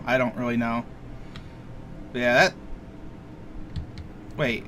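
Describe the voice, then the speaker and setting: A man's voice: a little high, animated, measured pace, pauses often, bright, forceful tone, a little hiss or hum. Joking young man commenting on gameplay. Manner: rambling, joking, swears freely. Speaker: let's play streamer.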